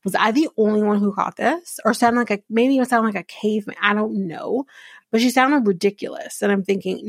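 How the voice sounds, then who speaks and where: A woman's voice: a little high, dry recording. Chatty woman recapping with a dry sound. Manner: chatty, with frequent fillers and quick asides. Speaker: podcast host recapping a reality show. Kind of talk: casual recap chat.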